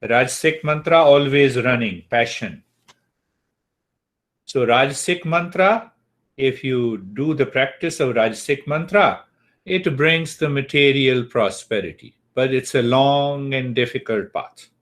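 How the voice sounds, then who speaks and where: Brief: man, spiritual teacher, unhurried class talk over a video call. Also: mid-range voice, fairly bright tone. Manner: slow, deliberate, checks in with students. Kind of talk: online class lecture.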